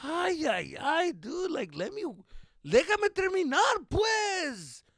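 A man acting out an overdramatic, whiny teenage boy who complains with shouts. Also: extremely high pitch, sing-song, normal speed, voice pushed up, exaggerated voice. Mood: exasperated.

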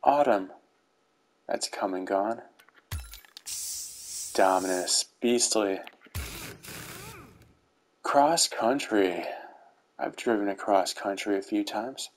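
A middle-aged YouTuber reviewing game rewards speaks slowly in a fairly low voice, pausing often as he casually comments over gameplay with dry dad jokes. The low-quality recording has a little hiss or hum and faint background music.

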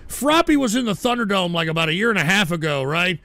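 A high, gravelly man rants as the host of a live radio stream. His voice is bright and cutting, and it goes off into abrasive shouts. The sound is dry and close. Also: big pitch swings, fast talker, no room sound. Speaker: livestream radio show host. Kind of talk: profane on-air rant reading chat.

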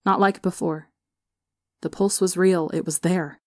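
A woman reading fan fiction aloud as an audiobook narrator, expressive on the emotional beats. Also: on the low side, a little slow, dry recording, studio quality. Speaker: audiobook reader. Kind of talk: storybook narration.

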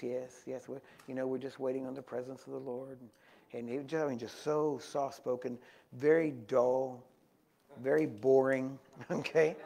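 A man preaching in a church, telling rambling anecdotes with self-corrections that grow animated, on a small wearable microphone. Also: mid-range voice. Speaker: guest preacher. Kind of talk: storytelling sermon.

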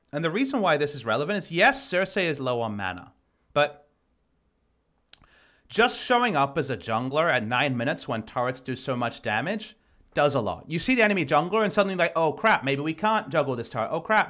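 Guy doing esports vod review, pitch bouncing all over, talks through plays. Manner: animated analytical explaining. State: losing his voice. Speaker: esports analyst. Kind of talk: game review commentary.

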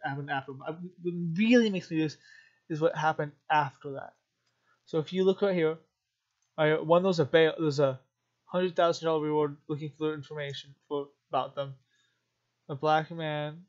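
A man's voice: on the high side, muffled recording. A man giving emotional, rambling commentary as a vlogger, stumbling and restarting his sentences. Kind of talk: rambling commentary while reading articles.

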